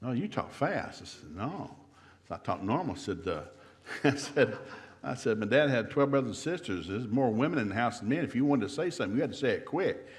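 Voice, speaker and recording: A man's voice: mid-range voice, expressive. A middle-aged man with a Southern US accent, giving a humorous marriage seminar in a church and acting out the voices in his stories. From American South. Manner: fast-talking storyteller acting out quotes. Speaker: seminar speaker. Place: church hall.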